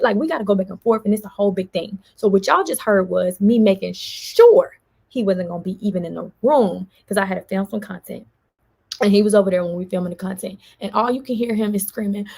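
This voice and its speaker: A woman vlogger, venting in an animated storytime and quoting others as she goes. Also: mid-range voice, a little fast, creaky, husky. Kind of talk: casual storytime vlog.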